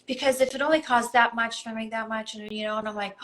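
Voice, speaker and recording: A woman guest in a casual conversation, telling stories in an animated way and giggling often. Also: a little high, quick pace, few pauses, poor audio. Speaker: podcast guest.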